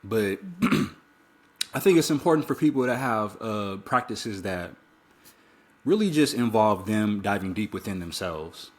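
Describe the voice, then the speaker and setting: A man's voice: lowish voice, animated, a little slow. A man as a podcast guest, talking reflectively and a little hesitantly about meditation. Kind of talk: casual podcast conversation.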